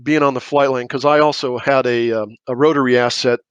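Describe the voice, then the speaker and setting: A man's voice: medium pitch, steady tone, fairly quick, smooth, no echo, highs cut off. A middle-aged man telling war stories as a podcast guest, rambling through restarts and asides. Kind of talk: casual storytelling.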